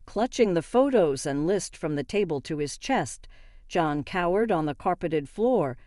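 An older woman reading a dramatic family story aloud in a steady, even manner. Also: fairly low pitch, unhurried, dry recording, clean studio sound. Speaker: narrator. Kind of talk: scripted story narration.

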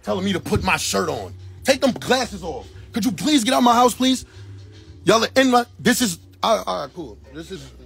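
His voice sits high and sing-song, with vocal fry and a slightly bright tone, moving at normal speed over soft background music. He is livestreaming a confrontation on his phone from his doorway, agitated and repeating his pleas and demands.

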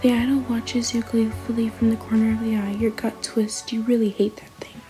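A woman narrates a second-person adventure in a whispered role-play, her voice soft, mellow and slightly high. Faint music plays underneath throughout. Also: level tone, brisk, low-quality recording. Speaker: storyteller.

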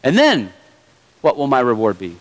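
A man voicing a relaxed, contented fisherman who asks quiet, unhurried questions. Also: medium pitch, pitched below the performer's own voice. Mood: calm. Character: calm, contented fisherman, adult man, smiling and unbothered.

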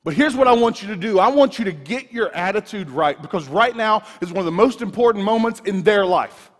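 A man preaching a sermon, telling personal stories in an animated way with frequent restarts, in a church sanctuary. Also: high voice, fairly quick. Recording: long reverb of a large room.

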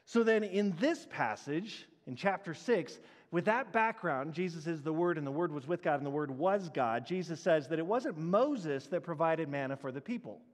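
A man preaching a sermon as a pastor, animated and acting out the crowd's reactions. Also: fairly high pitch, normal speed, big-room sound. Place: church sanctuary.

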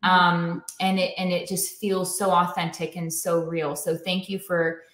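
A woman hosting an interview, affirming and earnest, with many "mm-hmm"s and warm praise for her guest. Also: fairly low pitch, little pitch movement, measured pace. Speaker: podcast host. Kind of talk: interview conversation. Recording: roomy echo.

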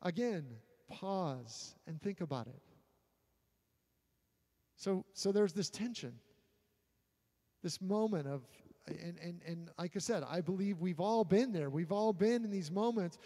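A man preaching a sermon in a casual, halting way, often repeating words as he gathers his thoughts. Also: high voice, lively intonation, mellow, in a large hall. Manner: conversational, halting with frequent repeats. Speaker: pastor.

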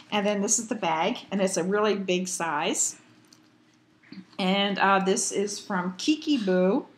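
A woman's voice: medium pitch, fairly bright tone. A woman chatting casually on her knitting vlog, rambling with many fillers and restarts as she shows her projects at home. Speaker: knitting vlogger. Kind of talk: casual chat.

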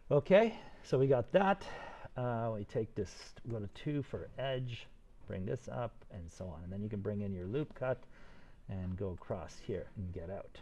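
An older man teaching a 3D modeling tutorial live, talking fast and excitedly while he demonstrates and encourages his students. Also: on the low side. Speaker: 3D modeling instructor.

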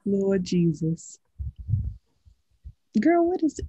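A woman's voice: on the low side, lively intonation, a little mellow, husky, no echo, rough recording. A young adult woman co-hosting a casual podcast, reading celebrity headlines with sassy, drawling remarks. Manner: sassy, drawling, quick to laugh. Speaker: podcast co-host.

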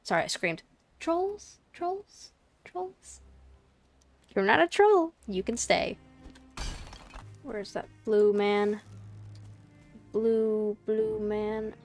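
A woman chats her way through a game, narrating what she does and talking straight to the creatures she meets. Her voice sits at a middle pitch, playful and rambling, with light apologies and jokes. Faint music plays underneath. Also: slow, long pauses, darkish tone. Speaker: gaming channel host. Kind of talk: casual gameplay commentary.

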